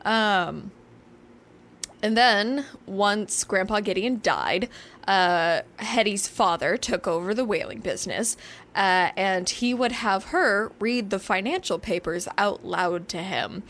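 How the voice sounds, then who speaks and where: A woman co-hosting a podcast, telling a story in a casual chat with animated asides and frequent laughter. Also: mid-range voice, slow. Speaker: podcast co-host.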